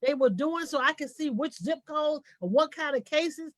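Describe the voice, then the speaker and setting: A woman's voice: high voice, moderate pace, no echo. A woman activist speaking emphatically and passionately in a podcast panel over a video call.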